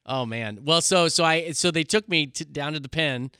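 A man who was once a pastor, telling a story in a casual chat with an animated, self-mocking manner and frequent laughter. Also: a little high, moderate pace, smooth, no echo, clean studio sound. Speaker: podcast co-host, former pastor.

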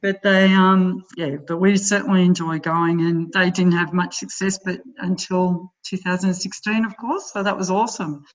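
A woman's voice: lowish voice, steady tone, normal speed, hardly any pauses. A middle-aged woman with an Australian accent, a guest in a casual chat who laughs often and plays herself down. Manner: laughs often, warm and self-deprecating. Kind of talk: casual conversation. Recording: muffled lo-fi sound.

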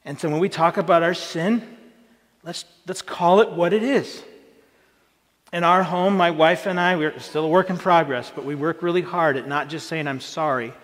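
A man preaching a sermon as a pastor, earnest and plain-spoken, rising in pitch when he presses a point. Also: fairly even intonation, normal speed, fairly bright tone. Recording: long hall reverb.

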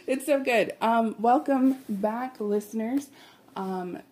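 A woman's voice: on the high side, a little mellow. A woman hosting her podcast in a casual, giggly chat, sometimes drawing out words in a sing-song way. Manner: chatty, giggly, drawn-out sing-song intro. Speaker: podcast host.

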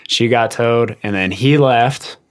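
A man who runs a gym spins a story in relaxed podcast banter. He talks at an ordinary middle pitch, swears freely and slips into the voices of the people he describes. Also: takes it slowly. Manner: animated, acts out quoted voices, swears freely. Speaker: gym owner and class coach.

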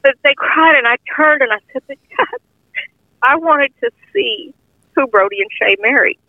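A woman's voice: high voice, animated, moderate pace, no echo. An older woman earnestly telling a heartfelt personal testimony in plain, informal speech. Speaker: guest sharing a testimony. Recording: tinny phone-line audio, dry.

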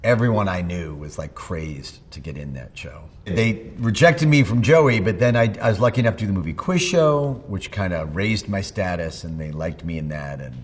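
Middle-aged male voice actor, husky low voice, animated anecdotes. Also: moderate pace, hardly any pauses. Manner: animated storyteller, slips into impressions. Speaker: voice actor guest. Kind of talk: interview anecdotes.

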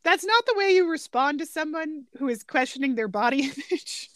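A woman's voice: sits high, expressive, moderate pace, a bit bright. A woman co-hosting a casual film podcast, chatty and laughing often as she acts out quoted lines. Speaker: podcast co-host. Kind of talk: casual chat reviewing a film.

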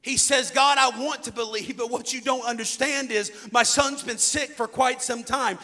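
Guy pastor preaching, really high bright voice, echoing sanctuary. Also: steady tone, moderate pace. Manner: preaching with rising intensity, dramatic scripture reading. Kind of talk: sermon.

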